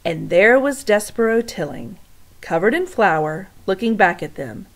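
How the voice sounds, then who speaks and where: A woman's voice: medium pitch, expressive, measured pace, rough recording. A woman reading a storybook aloud to young listeners, stopping to speak to them directly. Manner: warm direct address to listeners.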